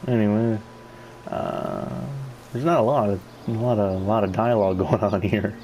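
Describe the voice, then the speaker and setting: A man's voice: on the low side, steady tone, normal speed, mellow, slight background noise, rough recording. A man giving casual, joking let's-play commentary. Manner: joking, rambling. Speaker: gaming YouTuber.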